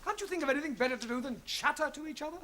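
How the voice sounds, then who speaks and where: An actor playing an exasperated young English teacher in a 1970s sitcom. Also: male voice, very high-pitched, animated, rapid-fire, pushed and bright, full character voice. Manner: exasperated, patient, explaining. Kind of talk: 1970s studio sitcom acting. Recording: noisy old TV soundtrack.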